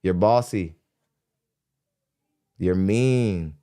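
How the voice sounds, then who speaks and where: A young adult man draws out his words in a mellow, smooth voice while hosting a podcast on a studio mic. His reaction commentary is a blunt, mocking rant about a dating show, broken up by laughter and squeaky high-voiced impressions of others.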